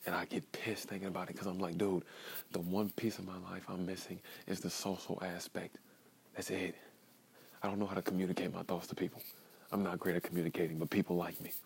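A young man from Georgia hosting a solo podcast, talking in a profane, rambling, emotionally raw way that swings from muttering to loud outbursts. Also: deep voice, little pitch movement, fast talker, vocal fry, breathy edge, low-quality recording. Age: young adult. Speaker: podcast host.

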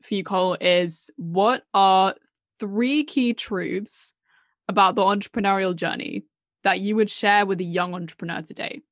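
A woman's voice: medium pitch, unhurried, dry recording, clean studio sound. A woman hosting a podcast interview, upbeat and encouraging, asking questions in a casual way. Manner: upbeat and encouraging, laughs easily. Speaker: podcast host.

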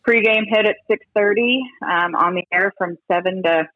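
A woman's voice: mid-range voice, normal speed, dry recording. Chatty woman, dry muffled sound. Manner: animated, chatty storyteller with many restarts. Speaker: baseball broadcast reporter, interview guest. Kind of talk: casual interview talk.

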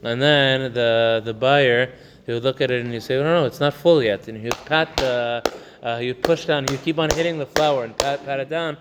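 A man teaching a religious text. He reads Hebrew passages quickly, explains them in English in a chatty way, and often asks "right?". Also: mid-range voice, steady tone, big-room sound, noisy background. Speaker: Torah teacher. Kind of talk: text study lesson.

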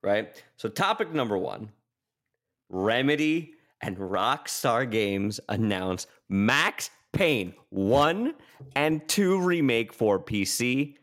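A man co-hosting a gaming podcast in casual chat, excitable and quick to act out little scenes. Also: medium pitch.

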